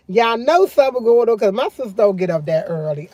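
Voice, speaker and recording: Woman, livestream host, loud, chatty, laughing storyteller, dry close sound. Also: a little high, animated, a little fast, no echo. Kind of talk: casual livestream chat.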